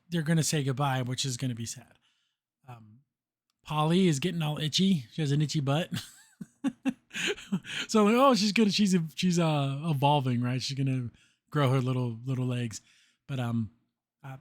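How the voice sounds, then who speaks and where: A podcast host in casual recap mode, talking through a cartoon episode with plenty of laughs. His voice sits a little high for a man, and he breaks into quick impressions of the characters as he goes. The recording is close and dry, with no room sound. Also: no echo. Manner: chatty, laughs often, acts out characters' lines.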